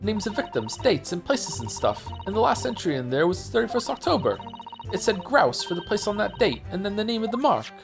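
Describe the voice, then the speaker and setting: A man's voice: sits high, very animated, brisk, vocal fry, voice pushed up, exaggerated voice. A man reading a game aloud, voicing a brash young working-class woman inspector with a Cockney accent and blunt slang. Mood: earnest. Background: game music.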